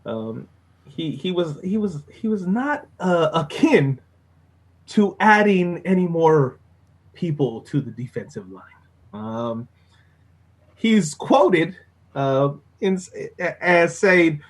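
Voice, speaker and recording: A high, husky male voice that swings widely in pitch as he rants. He co-hosts a casual sports podcast, swearing freely and tacking "okay?" onto his points. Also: slow. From Mexican-American. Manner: profane, excitable, peppers talk with "okay?" and "bro". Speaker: podcast co-host.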